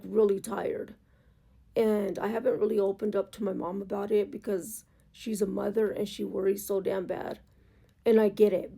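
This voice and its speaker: Gravelly, candid woman vlogger. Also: mid-range voice, warm tone. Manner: candid, earnest, swears freely. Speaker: motorcycle vlogger. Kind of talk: casual confessional storytelling. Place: at home, in pajamas.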